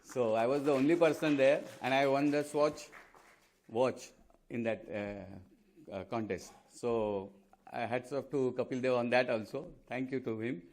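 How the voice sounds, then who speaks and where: A man in his fifties from India addresses a club gathering as guest speaker. He tells his stories earnestly and at a comfortable length, often pausing on small fillers. His voice sits at a middle pitch. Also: fairly even intonation, a little mellow. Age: 50s. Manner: anecdotal, earnest storytelling with frequent fillers. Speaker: guest speaker, former fast bowler. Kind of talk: speech at a club event.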